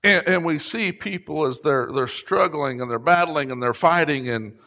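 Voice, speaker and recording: Male preacher, impassioned sermon, slightly high voice, middle-aged. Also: moderate pace. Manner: impassioned preaching, shouting at peaks. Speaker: pastor.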